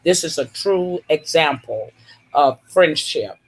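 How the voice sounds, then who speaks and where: A woman's voice: low voice, expressive, husky. A woman hosting a casual livestream, drawling and calling viewers baby and honey. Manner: slow, drawling, full of terms of endearment. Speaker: livestream host.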